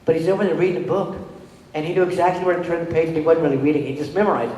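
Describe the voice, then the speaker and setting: A woman's voice: deep voice, slight background noise. A middle-aged woman and parent giving a conference presentation to an audience, telling stories conversationally and checking in with the room. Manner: animated storytelling with quick restarts. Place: large hall with an audience. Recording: very echoey hall with long reverb.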